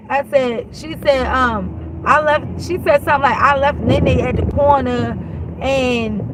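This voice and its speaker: A high-voiced woman, heard over a noisy background, hosts a show and tells a long, exasperated story. She acts out both sides of the argument in an animated rant, swearing freely.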